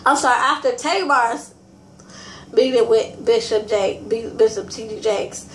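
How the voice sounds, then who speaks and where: A woman's voice: a little high, unhurried. A woman casually recapping and commenting on a reality TV episode, talking straight to her viewers in a chatty way. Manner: chatty, addresses viewers as y'all, frequent fillers and restarts. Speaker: TV review host. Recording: echoey room with faint ambient noise.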